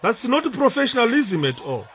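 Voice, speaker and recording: Male commentator reacting to video footage, emotional and emphatic, with a wide, animated pitch. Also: normal speed, slight background noise. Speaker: political commentator. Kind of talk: commentary over video clips.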